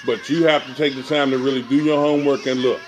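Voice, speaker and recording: A man hosting a sports talk show, delivering a preachy, animated monologue straight to his audience in loose, colloquial speech that keeps repeating phrases. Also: mid-range voice, fast talker, soft background music.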